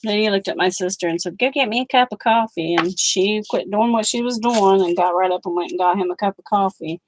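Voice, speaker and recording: A woman's voice: medium pitch, fairly even intonation, brisk, a little hiss or hum, poor audio. A middle-aged woman vlogging about crafts, chatting casually and telling stories in an outspoken way as she works. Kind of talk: casual chat while crafting.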